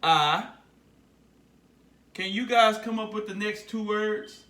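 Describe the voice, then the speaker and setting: Casting: high-voiced male teacher, very slow and patient, leads children through repeated words, echoey room. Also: sharp tone, recorded from a distance. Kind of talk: phonics lesson for young children.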